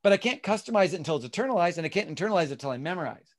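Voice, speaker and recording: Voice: mid-range voice, expressive, racing. Instructor teaching a class over a video call. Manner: explains step by step, acts out sample lines. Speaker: real estate class instructor.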